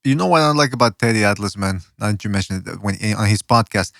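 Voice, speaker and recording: A man co-hosting a podcast in casual chat, talking quickly and mocking others. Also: on the low side, lively intonation, gravelly, fairly bright tone, no echo, studio quality. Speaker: podcast co-host.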